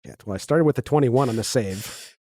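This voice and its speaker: A man's voice: mid-range voice, a little fast, dark tone, no room sound, studio quality. A man playing a live tabletop game, joking and teasing the game master. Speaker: player. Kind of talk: casual game banter.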